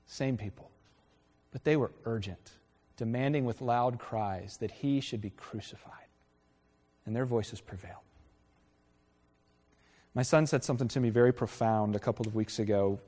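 A man's voice: medium pitch, darkish tone. Middle-aged male pastor, earnest and conversational, long church reverb. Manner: earnest, conversational preaching with pauses and self-corrections. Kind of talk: sermon. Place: church sanctuary. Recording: reverberant hall.

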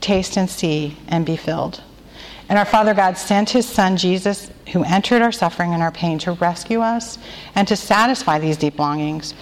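A woman giving a devotional talk to a group, gentle and prayerful, stretching key phrases slowly and leading the listeners in repeating them. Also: fairly low pitch. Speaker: women's retreat speaker. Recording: long hall reverb.

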